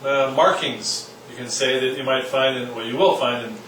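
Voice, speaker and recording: A man's voice: mid-range voice, fairly even intonation, moderate pace, fairly bright tone. A man teaching a casual music lesson, joking around and singing short demonstration syllables. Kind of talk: informal classroom lesson. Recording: echoey room, mic at a distance, faint noise.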